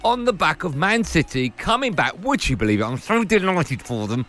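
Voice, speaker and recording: A man's voice: lowish voice, animated, fast, fairly bright tone, faint music behind. A man hosting a sports podcast, joking and bantering. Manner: jokey, self-mocking banter. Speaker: radio host. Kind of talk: sports radio chat.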